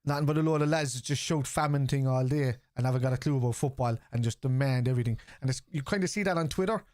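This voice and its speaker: A man's voice: medium pitch, quick pace, darkish tone, no room sound, clean studio sound. A middle-aged Irish man who chats casually on a live football watchalong stream, swears, reacts to the match and answers viewers in chat. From Ireland. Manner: chatty, swears, reads out chat and reacts to play.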